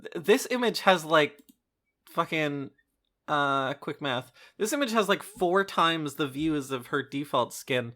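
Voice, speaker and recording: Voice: medium pitch, animated, a little slow, a bit bright. A podcast co-host in casual chat, rambling and hesitant with many ums.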